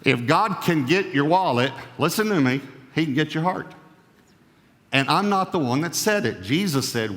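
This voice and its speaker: A man's voice: big pitch swings, moderate pace, fairly bright tone. Emphatic man preaching in a reverberant hall. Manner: emphatic, rising and falling in pitch and volume. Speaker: pastor. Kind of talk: sermon.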